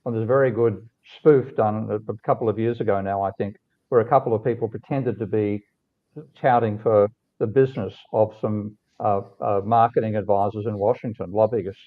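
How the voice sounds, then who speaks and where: A male livestream host speaking earnestly over a video call, halting and restarting often. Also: lowish voice, steady tone. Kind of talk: livestream discussion. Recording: tinny phone-like call audio.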